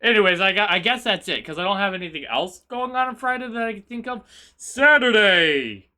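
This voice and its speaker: A man streaming live, chatting casually with his viewers in a chaotic, energetic way. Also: high voice, fast.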